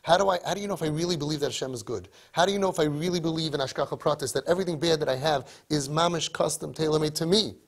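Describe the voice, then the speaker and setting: A man's voice: on the high side, rapid-fire, few pauses. A man giving a storytelling sermon, emphatic and full of rhetorical questions. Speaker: religious speaker.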